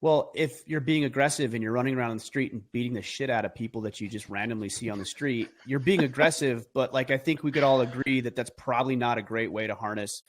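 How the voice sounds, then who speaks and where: A man's voice: medium pitch, quick pace, hardly any pauses. A middle-aged man talking as a podcast guest, earnest and emphatic, building his points with rhetorical questions. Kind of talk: conversational podcast talk.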